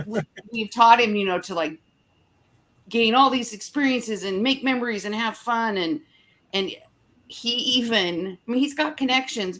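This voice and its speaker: A woman's voice: a little high, fairly bright tone. Teasing chatty woman. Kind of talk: casual chat.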